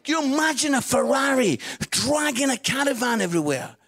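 Animated high-voiced man preaching. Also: brisk. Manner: animated, playful, laughs at his own stories. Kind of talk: storytelling sermon.

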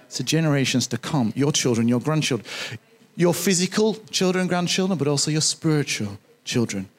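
A man preaching to his congregation, his voice sitting a little high for a man. He talks in a relaxed, conversational way and repeats key phrases to drive them home. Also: brisk. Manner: jokes with the congregation. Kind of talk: sermon.

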